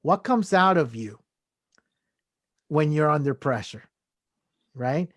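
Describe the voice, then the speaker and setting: A man's voice: fairly high pitch, expressive, slow pace, fairly bright tone, no echo, clean studio sound. A man speaking as a podcast guest, giving earnest self-help advice in a casual way, often adding "right?" and "you know" and chuckling between points. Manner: leans on filler tags like "right?" and "you know". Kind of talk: casual conversational talk.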